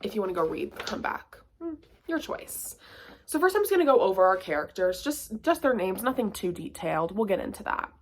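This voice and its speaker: A woman's voice: mid-range voice, sing-song, fast, few pauses. A woman giving a casual vlog book review, chatty and full of "like" and playful sarcastic asides.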